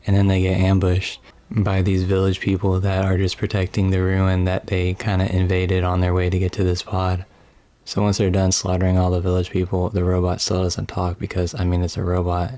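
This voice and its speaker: A man giving a deadpan, mocking recap of a video game's opening story. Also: deep voice, moderate pace, no room sound. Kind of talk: comedic sarcastic story summary.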